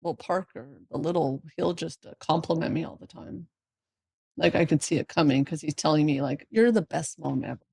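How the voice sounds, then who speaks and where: A woman's voice: sits low, fairly even intonation, normal speed, a little mellow, husky. A woman co-hosting a casual podcast chat, telling family stories and laughing often. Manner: laughs often, acts out her kids' lines in story. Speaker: podcast co-host.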